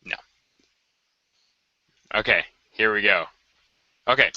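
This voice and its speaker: Bright, dry-voiced young man rambling. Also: on the low side, takes it slowly, no echo, highs cut off. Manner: rambling, self-correcting, laughing at himself. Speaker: co-host. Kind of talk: casual unscripted planning chat.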